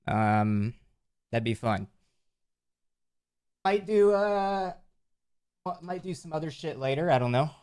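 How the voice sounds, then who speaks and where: A man's voice: a little high, lively intonation, slow pace, pauses often, darkish tone, clean tone. A man livestreaming casually, rambling and joking while he reads chat aloud and thanks subscribers.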